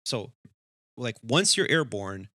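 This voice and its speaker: A man's voice: mid-range voice, slow pace, no echo, clean studio sound. A man co-hosting an aviation podcast, telling a cockpit story in casual chat and acting out the voices in it. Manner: animated storyteller, acts out dialogue in his story. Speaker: airline pilot podcast host.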